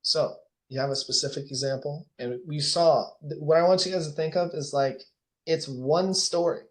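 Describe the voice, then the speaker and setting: A man leading a group coaching workshop, guiding reflection in a soft, slow, hushed voice, blunt and swearing freely. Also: fairly high pitch, fairly even intonation. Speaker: workshop leader and life coach. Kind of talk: guided group coaching session.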